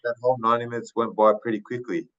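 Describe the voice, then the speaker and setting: A man in his thirties from Papua New Guinea, a podcast guest telling his story in a thoughtful, unhurried way with many fillers and restarts. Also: medium pitch, level tone, a bit bright, dull audio. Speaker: podcast guest, retired rugby league player. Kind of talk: casual interview storytelling.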